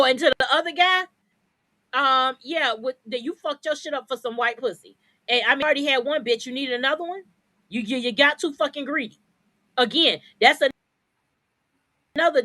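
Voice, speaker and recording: Woman podcast cohost going off, bright high voice, dry, cussing a lot, aave. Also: dry recording. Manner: profane, blunt, fired-up ranting. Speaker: podcast co-host. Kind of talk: heated podcast rant.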